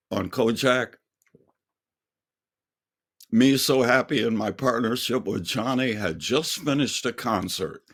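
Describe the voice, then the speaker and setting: Slow, gravelly older man telling a story. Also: on the low side. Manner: slow, earnest storytelling with quoted dialogue. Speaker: singer and speaker. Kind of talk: testimony storytelling.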